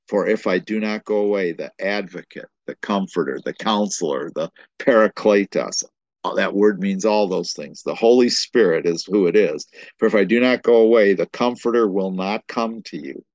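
A man's voice: low voice, dry recording, muffled recording. A man preaching a sermon, emphatic and repetitive, quoting scripture and often restarting his phrases.

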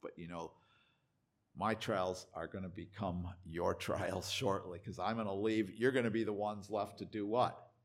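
A man voicing a calm, solemn teacher addressing his followers in a low, hushed, tender voice. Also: moderate pace, gravelly.

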